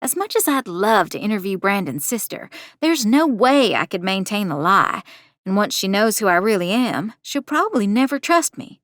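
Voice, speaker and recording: A young woman narrates an audio drama in the first person, animated and breathless. Her voice swoops expressively through a wide range. The studio recording is bone dry and close. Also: medium pitch, normal speed, no room sound. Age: young adult.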